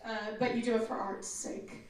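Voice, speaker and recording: A slightly high-voiced woman answers fan questions on a convention panel, telling animated, jokey stories and slipping into voices. She is picked up from across a very echoey room, so she sounds distant. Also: normal speed. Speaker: voice actor, panel guest.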